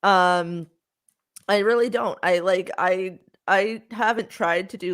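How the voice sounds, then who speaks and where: A woman's voice: medium pitch, slow pace, fairly bright tone. A woman co-hosting a podcast in casual chat, giggly and rambling, with lots of fillers and repeated words. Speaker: podcast co-host.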